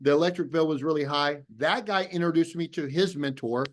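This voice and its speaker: A middle-aged man speaks in a fairly high voice, telling his story in an animated way. He acts out both sides of old phone calls as he goes. He is talking over a video call from home. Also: a little fast.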